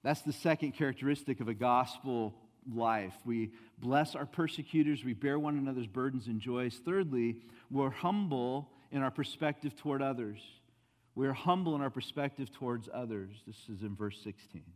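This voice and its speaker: A male pastor delivering a sermon in a church, his voice carrying a long hall reverb. He swings from loud, emphatic rises to quiet, low asides as he presses his points. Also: moderate pace. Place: church sanctuary.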